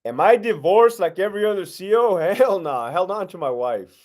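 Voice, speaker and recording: A man's voice: sits high, lively intonation, fairly quick, darkish tone. A middle-aged man, a former prison lieutenant, hosting a casual live-stream Q&A, talking bluntly with heavy profanity and streetwise slang. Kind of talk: casual live-stream Q&A reading viewer questions.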